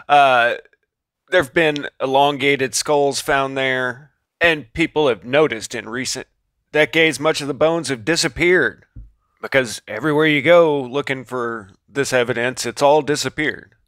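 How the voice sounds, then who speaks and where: A man's voice: mid-range voice, unhurried, fairly bright tone, smooth, no echo, clean studio sound. A man casually narrating a video, with offhand, sarcastic asides.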